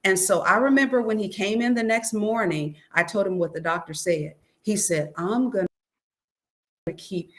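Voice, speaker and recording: Earnest woman recounting a hard memory. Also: fairly low pitch. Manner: recounts events by quoting others, "he said" asides; earnest, searching, many restarts and "um"s. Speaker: author and guest. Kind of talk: personal storytelling in an interview.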